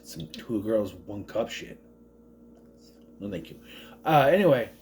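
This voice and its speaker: A man's voice: lowish voice, animated, a little slow, darkish tone, a little hiss or hum. A man from southern Minnesota giving a casual, rambling movie review with joking asides.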